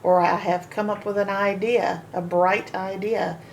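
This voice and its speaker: A woman teaching a phonics lesson to children, sounding out each word slowly, syllable by syllable. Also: mid-range voice, little pitch movement, slight background noise. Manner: slow, sounding out syllables one by one. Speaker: reading teacher.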